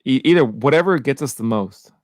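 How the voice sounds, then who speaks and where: A man's voice: mid-range voice, expressive, fairly quick, darkish tone, dry recording. A man with an ordinary mid-range voice hosting a live stream in easy banter, teasing and laughing often as he reads out chat comments. The mic is close and dry.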